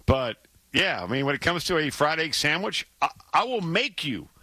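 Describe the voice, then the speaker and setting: A man co-hosting a sports radio show in casual chat, animated and emphatic, often repeating words when he gets worked up. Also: on the high side, normal speed, no echo. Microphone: studio microphone.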